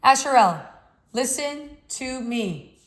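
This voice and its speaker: A woman's voice: high voice, expressive, slow, pitched above the performer's own voice. A woman reading as an earnest old bearded official. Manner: stern yet concerned pleading. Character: elderly bearded male religious school official, earnest. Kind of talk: novel read aloud.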